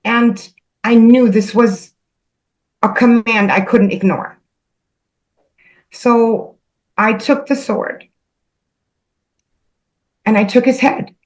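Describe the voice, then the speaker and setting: A woman earnestly recounting a spiritual experience, halting and repeating herself, emotional as she goes. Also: fairly high pitch, fairly even intonation, darkish tone, poor audio. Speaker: spiritual channel host. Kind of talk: personal spiritual storytelling.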